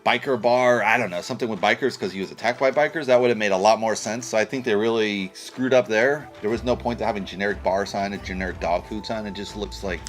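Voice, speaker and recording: A man's voice: on the low side, fast, few pauses, faint music behind. A man giving a casual spoken film review, blunt and rambling, with casual swearing. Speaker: movie reviewer.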